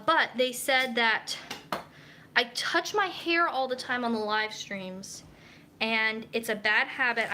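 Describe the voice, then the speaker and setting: A young woman talks through a cooking stream in a chatty, rambling way, full of fillers and restarts. Her voice is bright and a little high. She is recorded in her kitchen with faint noise behind her. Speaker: dietitian hosting a live cooking stream. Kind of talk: casual chat while cooking. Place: home kitchen. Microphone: camera mic.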